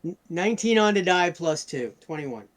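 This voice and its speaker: A man's voice: high voice, animated, moderate pace. A man playing a tabletop game, speaking casually and hesitantly. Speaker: player.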